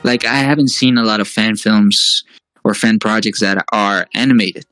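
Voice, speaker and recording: A man chatting as a guest, often pausing to restart his thoughts and hedging as he goes. His voice sits dry and close, with faint music in the background. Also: lowish voice, bright, forceful tone, no room sound, low-quality recording. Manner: hesitant, full of fillers and restarts. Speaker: guest, fan-series creator. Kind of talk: casual interview chat.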